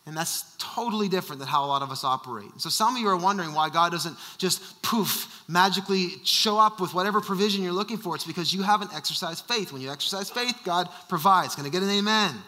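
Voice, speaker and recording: Brief: emphatic male senior pastor, high and sharp-toned, reverberant sanctuary. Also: lively intonation, fairly quick. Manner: emphatic, repeats rhetorical questions. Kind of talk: sermon.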